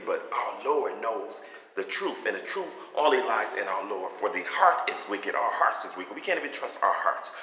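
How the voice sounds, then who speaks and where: Low-ish forceful guy preaching his testimony, kinda rambly, echoey room. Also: slight background noise. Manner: fervent, rambling, conversational preaching. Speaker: giving a personal faith testimony. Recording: echoey room with long reverb.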